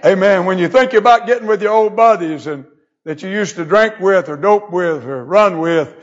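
High-voiced preacher, folksy. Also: male voice, normal speed, muffled recording. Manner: folksy preaching with scripture read in old English. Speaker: pastor. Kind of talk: sermon.

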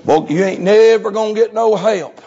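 A man preaching a revival sermon, swinging from low murmurs to hoarse, sing-song shouting. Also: normal speed, highs cut off.

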